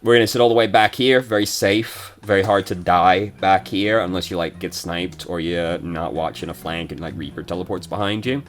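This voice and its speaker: Low-voiced man casually reviewing gameplay. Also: fairly even intonation. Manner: swears and rants when frustrated, quick asides. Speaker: game reviewer.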